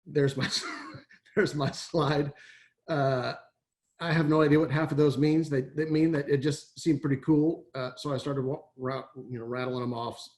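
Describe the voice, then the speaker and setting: A man's voice: mid-range voice, a little mellow. A middle-aged man from Texas, an athletic director giving a folksy, rambling webinar talk over a video call, full of fillers and restarts. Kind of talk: webinar presentation.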